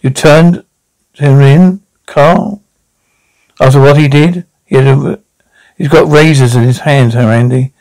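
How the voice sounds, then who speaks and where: A man's voice: mid-range voice, steady tone, unhurried, pauses often, darkish tone, lightly acted, rough recording. A man voicing an agitated, suspicious townsman in a fan audio drama reading, accusing. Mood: hostile.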